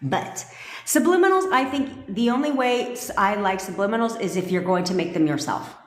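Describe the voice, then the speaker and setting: A woman's voice: medium pitch, expressive, normal speed. A woman in her thirties from California, a manifestation coach talking bluntly and profanely in a casual livestream from home on a phone. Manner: blunt and profane, heated rants. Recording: roomy echo.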